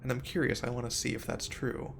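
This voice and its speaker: A man's voice: mid-range voice, level tone, fairly quick, gravelly, a bit bright, a little hiss or hum. A man playing a video game, casually thinking aloud and reading in-game text to a friend. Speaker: game streamer. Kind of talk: casual gameplay chat.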